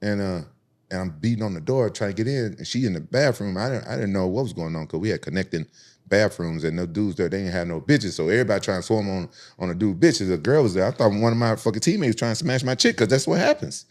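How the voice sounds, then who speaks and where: A man, from Memphis, tells a story in a casual podcast chat. His voice sits very low and he talks quickly. He is animated and profane and acts out the other voices in his stories. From Memphis, United States. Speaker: podcast host telling stories.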